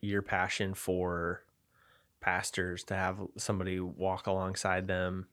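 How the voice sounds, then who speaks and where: A man's voice: low voice, completely flat delivery, measured pace, fairly bright tone, smooth. A man co-hosting a casual podcast chat, reflective and thinking aloud as he talks. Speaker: podcast co-host.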